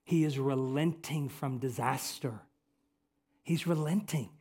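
Slowly and with a husky, medium-pitched voice, a male pastor preaches his sermon. He repeats key phrases and alternates between forceful emphasis and quiet, earnest stretches.

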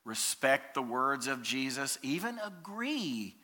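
Fervent pastor with a lively, swooping voice. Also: male voice, medium pitch. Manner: emphatic, swinging from loud declarations to hushed, drawn-out words. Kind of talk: sermon.

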